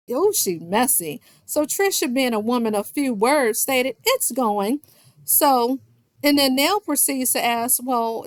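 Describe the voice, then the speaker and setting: A woman recapping a reality TV show, sassy and gossipy, with speech. She has a fairly high voice and acts out the cast's lines in animated snatches. The sound is dry and close, with no room around it. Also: no echo. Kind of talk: casual recap commentary.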